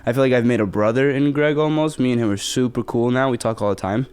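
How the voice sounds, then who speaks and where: A man's voice: mid-range voice, fast, a little mellow, clear, resonant tone. A young man in his twenties from the Bronx, an actor guest chatting casually in an interview, rambling with lots of fillers and restarts. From the Bronx, New York. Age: 20s.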